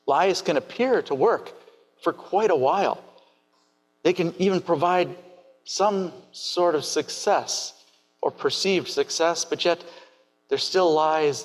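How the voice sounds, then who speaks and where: A man delivers a sermon in a measured, reflective manner, posing questions to his listeners. His voice sits fairly high for a man and has a husky edge. He takes his time, with long pauses between phrases. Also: poor audio. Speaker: pastor.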